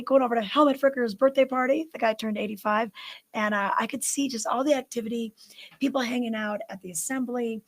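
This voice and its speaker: Woman, morning news host, chatty upbeat tone, slightly high voice, reads events casually. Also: low-quality recording. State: out of breath. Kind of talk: casual live news show chat.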